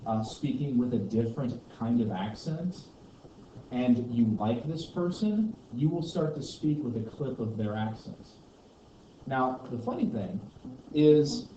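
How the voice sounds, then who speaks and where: A man's voice: mid-range voice, dark tone. A male history teacher giving a rambling classroom lecture, leaning heavily on "you know" and "like" as he talks with his students. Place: echoey classroom. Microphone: distant room mic. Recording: roomy, distant, dull classroom recording with noise.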